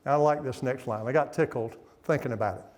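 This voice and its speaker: A man's voice: medium pitch, brisk, a little mellow. A middle-aged man preaching a revival sermon in a church, telling the story folksily and putting questions to the congregation. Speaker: guest preacher. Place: church sanctuary. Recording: long hall reverb.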